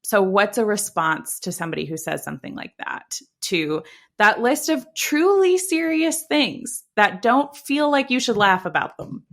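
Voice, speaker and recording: A woman's voice: medium pitch, very animated, unhurried, gravelly, fairly bright tone. A woman hosting a podcast, asking thoughtful questions and affirming her guest. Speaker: podcast host. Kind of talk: casual podcast interview.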